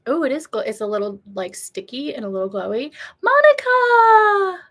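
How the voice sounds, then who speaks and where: A woman's voice: medium pitch, fast, a little mellow, slightly rough. A woman in her thirties chatting casually and emotionally on a beauty livestream, greeting viewers by name. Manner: chatty and emotional, reads viewer comments aloud.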